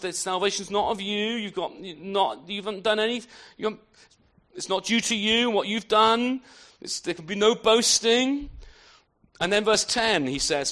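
A man's voice: high voice, moderate pace, fairly bright tone. A man preaching a sermon in an unscripted way, often restarting phrases and asking rhetorical questions.

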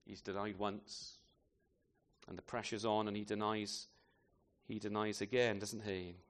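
A man's voice: medium pitch, a bit bright. A man preaching a sermon in a conversational way, often tagging his points with questions to the listeners. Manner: conversational, rhetorical tag questions.

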